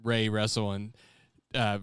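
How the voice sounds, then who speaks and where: A man's voice: on the low side, little pitch movement, takes it slowly, smooth, dry recording, clean studio sound. A man co-hosting a podcast in casual chat, loose and joking, swearing freely. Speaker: podcast co-host.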